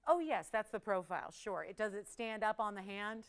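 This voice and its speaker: A woman's voice: mid-range voice, normal speed. A woman hosting a live on-air jewelry shopping show, chatty and playful, laughing often and teasing the crew. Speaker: shopping channel host.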